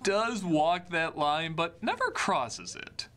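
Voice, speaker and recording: A man's voice: a little high, big pitch swings, takes it slowly, sharp tone, a little hiss or hum. A young man narrating a scripted film review in an enthusiastic, wry way. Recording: voice-over with faint music.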